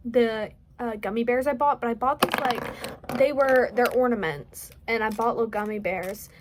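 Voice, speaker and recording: A woman's voice: on the high side, normal speed, background noise. Chatty eighteen-year-old woman, light country twang. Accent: light Southern US country. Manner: rambling, chatty, self-joking. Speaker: crochet vlogger. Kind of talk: casual late-night vlog chat. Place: at home.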